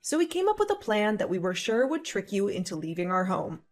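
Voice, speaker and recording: A woman voicing a calm, pregnant young wife who answers her sister-in-law with dry sarcasm, in a dramatized story. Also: mid-range voice, brisk, soft background music, lightly acted. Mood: cool. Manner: cool, composed, dryly sarcastic. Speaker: voice actor.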